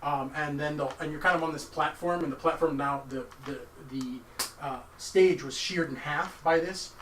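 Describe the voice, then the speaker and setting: Game master, male, bright higher voice, stammering narration, roomy echo from a distant mic. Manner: halting, many fillers and restarts. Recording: echoey room, distant mic, faint noise.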